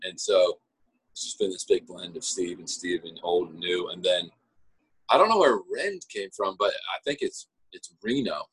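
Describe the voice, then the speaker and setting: Deep husky easygoing man. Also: expressive, moderate pace, fairly bright tone, poor audio. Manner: easygoing, rambling explanations. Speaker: guest pitcher. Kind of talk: casual interview chat.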